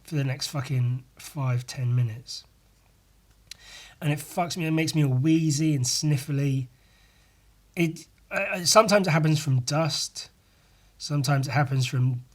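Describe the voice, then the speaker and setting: A man hosting a casual solo podcast, hoarse and losing his voice, rambling, swearing freely and putting himself down. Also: mid-range voice. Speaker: podcast host.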